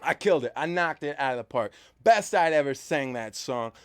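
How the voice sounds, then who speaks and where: A young man hosting a live stream, telling a story with lively energy and acting out the people in it. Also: a little high, brisk, loud music behind the voice. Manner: lively storyteller who acts out voices and breaks into song. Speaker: band member and show host.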